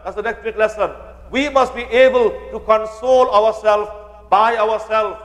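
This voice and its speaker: A man's voice: high voice, steady tone, moderate pace, big-room sound, rough recording. A male pandit giving a sermon on the Ramayan, speaking to the devotees and quoting scripture. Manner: addresses listeners as devotees, quotes scripture.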